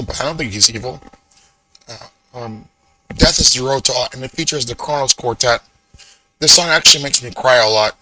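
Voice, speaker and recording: Young man, twenties, emotional rambling vlog monologue, bright edgy tone. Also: mid-range voice, poor audio. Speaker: vlogger. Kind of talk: casual monologue to camera.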